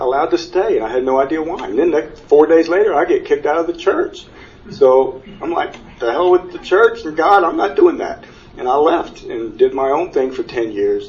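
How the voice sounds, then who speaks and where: A man's voice: mid-range voice, a little mellow. A middle-aged man giving an earnest personal testimony to a conference audience, his storytelling growing emotional when he is moved. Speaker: panel speaker sharing his near-death experience. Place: conference room before an audience. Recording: distant, dull mic with faint hiss.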